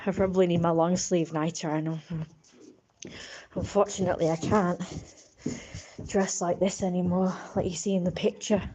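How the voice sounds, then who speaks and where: A woman's voice: lowish voice, fairly even intonation, normal speed, long pauses, dark tone, slight background noise. A woman, rambling casually in a vlog, swearing and chatty. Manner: swearing, chatty, laughing at own jokes. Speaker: vlogger.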